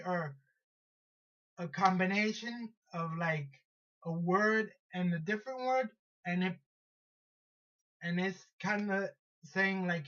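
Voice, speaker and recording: A man casually retelling a superhero story in a rambling, halting way, full of restarts and fillers. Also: high-pitched, fairly bright tone. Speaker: vlogger counting down superheroes. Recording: dull lo-fi recording.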